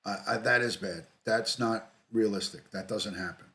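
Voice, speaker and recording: A man's voice: fairly low pitch, normal speed, bright, forceful tone. A middle-aged man, hosting a casual livestream, reading viewer comments aloud and greeting people by name, often repeating himself. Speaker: livestream host, retired detective.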